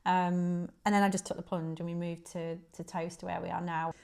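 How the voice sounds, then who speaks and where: A woman's voice: lowish voice, flat delivery, brisk, gravelly, a little mellow. A woman in her forties from Manchester with a Northern English accent, a guest chatting casually, self-deprecating and full of ums. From Manchester, England. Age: 40s. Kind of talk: casual chat.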